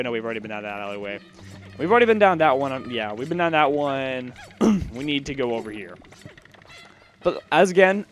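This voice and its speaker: A man's voice: on the high side, fairly bright tone, slight background noise. An eighteen-year-old man giving casual let's-play commentary, rambling with lots of fillers and restarts. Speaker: gaming channel host.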